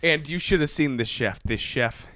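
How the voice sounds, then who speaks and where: A man co-hosting a casual podcast, retelling a TV scene and acting out shouted quotes as he goes. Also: on the high side, normal speed, no room sound, studio quality. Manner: animated storyteller, acts out shouted quotes. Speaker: podcast co-host.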